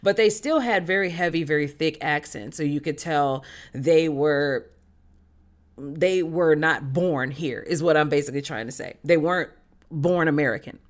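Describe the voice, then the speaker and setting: Animated casual streamer telling a story. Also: medium pitch, moderate pace. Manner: animated, expressive, with slang.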